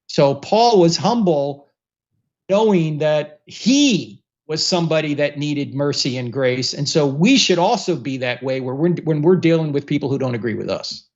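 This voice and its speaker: A man hosting a casual livestream Q&A with callers, relaxed and joking, often repeating words as he goes. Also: a little high, moderate pace, muffled recording. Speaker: host.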